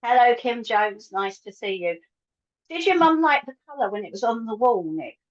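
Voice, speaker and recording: A chatty woman co-hosting a morning show, welcoming viewers by name. Her voice is fairly high and swings up and down freely. The sound is dull and lo-fi. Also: very animated, moderate pace. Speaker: co-host and medium of a live psychic show. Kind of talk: casual morning-show chat.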